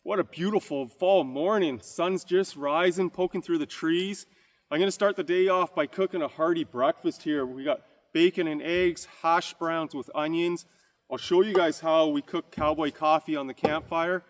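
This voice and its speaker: A man's voice: on the high side, normal speed, big-room sound. A man vlogging a campfire breakfast outdoors, chatting casually to his viewers. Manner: chatty, addresses viewers as "you guys". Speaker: homestead vlogger.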